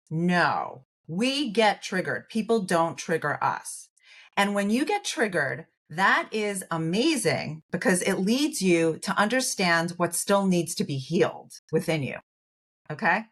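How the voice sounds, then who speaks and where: A middle-aged woman, a therapist on a podcast, coaching a guest warmly and emphatically, with many "right?" asides. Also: on the low side. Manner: warm, encouraging, emphatic with fillers. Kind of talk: coaching conversation.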